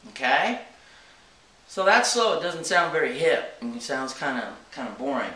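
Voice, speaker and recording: Speaking in a sing-song, pushed, bright voice on the high side, a drum teacher casually explains each step and keeps asking "okay?". He talks at normal speed, captured off-mic in a reverberant studio.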